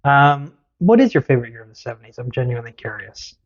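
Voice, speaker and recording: A man's voice: medium pitch, big pitch swings, fast talker, highs cut off. A man hosting a podcast, telling a story in a casual, teasing way. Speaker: podcast host.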